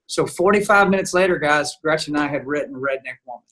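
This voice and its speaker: A man being interviewed as a guest songwriter, telling an animated story and acting out the dialogue. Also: a little high, fast. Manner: lively storyteller who acts out quoted dialogue. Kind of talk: animated storytelling in casual chat.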